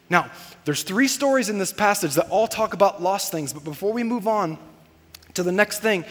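A man's voice: high-pitched, long reverb tail. A male pastor preaching a sermon in a conversational, emphatic way, repeating his key points.

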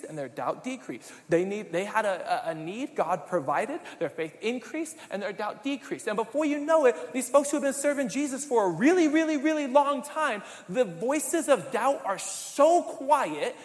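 A male pastor with a high, very lively voice preaches in a conversational way and often puts questions to the congregation. His voice rings with a long reverb from a large church hall. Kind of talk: sermon.

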